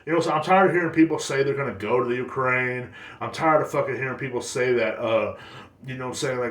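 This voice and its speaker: A man's voice: medium pitch, fast talker, fairly bright tone. Male podcast host, solo rant; loose and profane with constant fillers, medium voice, echoey room. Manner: profane, rambling, heavy on "like" fillers.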